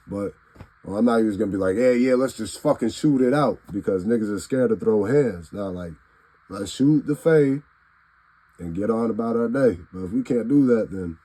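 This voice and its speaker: Laid-back low-voiced man ranting profanely. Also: warm tone, rough recording. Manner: profane, blunt, rambling, acts out what he'd say to people. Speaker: vlogger. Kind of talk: casual rant to camera.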